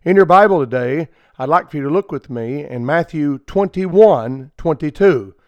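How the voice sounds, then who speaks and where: A man's voice: fairly high pitch, lively intonation, moderate pace, no echo, muffled recording. A man preaching a radio devotional, reading scripture and building to emphatic, rising appeals with frequent fillers.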